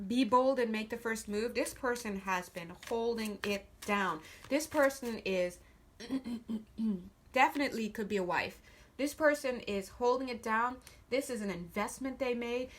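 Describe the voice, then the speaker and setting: A woman giving a casual tarot reading at a table, her intonation swinging a lot as she talks bluntly and swears freely. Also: on the high side. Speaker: tarot card reader. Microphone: camera filming the cards on a table.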